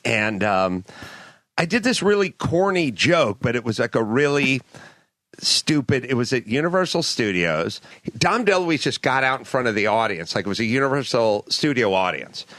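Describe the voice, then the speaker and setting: A man hosting a podcast, telling a casual story and acting out the people he quotes with lively voices. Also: medium pitch, moderate pace, dry recording. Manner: animated, acts out quotes in other voices. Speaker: podcast host. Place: ship cabin.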